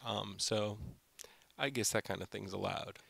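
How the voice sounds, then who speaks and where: Gravelly low-voiced man rambling a review. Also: steady tone, measured pace, a bit bright, no echo. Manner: rambling, heavy use of "like" and fillers. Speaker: film review channel host. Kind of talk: unscripted casual film review.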